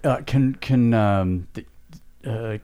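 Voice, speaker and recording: A man co-hosting a podcast, explaining ideas slowly and hesitantly, with many fillers. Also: lowish voice, dark tone, smooth. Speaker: podcast co-host. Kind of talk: casual conversation.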